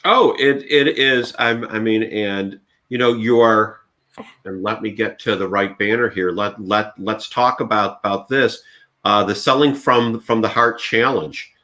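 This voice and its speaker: A male host leads a live interview. His voice sits a bit low. He hesitates and restarts often, then encourages his guest. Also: unhurried, sharp tone.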